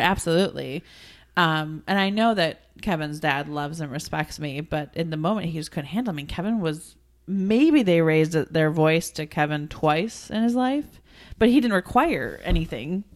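A woman's voice: lowish voice, animated. Blunt woman telling a story. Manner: storytelling, blunt, quick asides. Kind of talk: casual chat.

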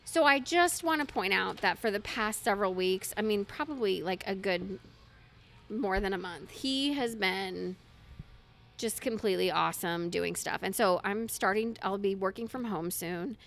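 A woman in her thirties co-hosting a casual podcast, telling stories in a chatty, animated way. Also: mid-range voice, normal speed, gravelly. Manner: chatty, animated storytelling with laughs. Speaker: podcast co-host.

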